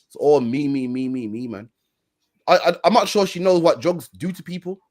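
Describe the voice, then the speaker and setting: A man's voice: a little high, moderate pace, darkish tone. Preachy man with a raised voice. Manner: preachy, repeats "man" and "all you care about". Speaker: street preacher co-host. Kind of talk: stream discussion.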